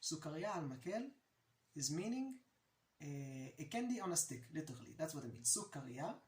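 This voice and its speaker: A woman from Israel with an Israeli accent, casually teaching words and repeating each one slowly so the pronunciation is clear. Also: deep voice, sing-song, darkish tone, echoey room. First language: Hebrew. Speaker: language teacher. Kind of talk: casual video lesson.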